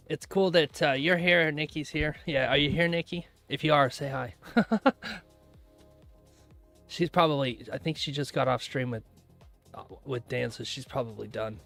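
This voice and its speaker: A young man chatting casually with his viewers while live streaming trades, rambling, laughing often and clearing his throat. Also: medium pitch, fairly bright tone. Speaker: livestreaming futures trader.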